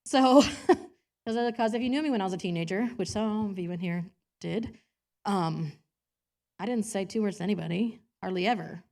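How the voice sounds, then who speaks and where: A woman's voice: mid-range voice, moderate pace, pauses often, a little mellow. Chatty, laughing woman preaching. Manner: chatty, self-deprecating, laughs often, acts out quotes. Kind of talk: personal sermon. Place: church.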